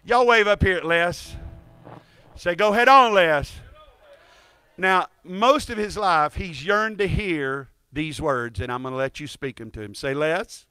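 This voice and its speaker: A man with a high, bright voice tells a joking, folksy testimony to a church congregation. He is a guitarist and draws the crowd into call-and-response. His voice is caught close and dry on a stand microphone. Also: expressive, unhurried, clean tone, no echo. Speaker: guest guitarist at a church service. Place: church sanctuary, in front of a congregation.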